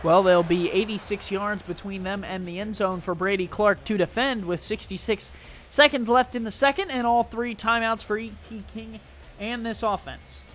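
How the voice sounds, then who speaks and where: A man giving play-by-play commentary on a simulated football game, with brisk calls and dry joking asides. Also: high voice, steady tone, fairly bright tone, soft background music. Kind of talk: live esports football commentary.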